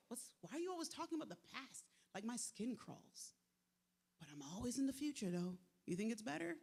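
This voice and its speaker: A woman giving a live motivational faith talk, conversational and lively, with slangy asides to the crowd. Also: mid-range voice. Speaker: speaker at a faith event. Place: large venue, live event. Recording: echoey hall with long reverb.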